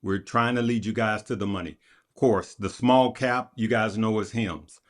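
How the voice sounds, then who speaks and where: A man, a guest stock commentator, chatting casually about his picks and telling a funny story in an animated way. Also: lowish voice, moderate pace. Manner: animated storyteller, laughing retelling. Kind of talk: casual group chat on stocks.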